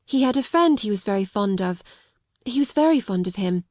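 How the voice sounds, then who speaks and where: A woman reading the part of a quiet, sad young orphan girl in an audiobook, steady and unrelenting. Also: mid-range voice, brisk, dry recording, studio quality, lightly acted.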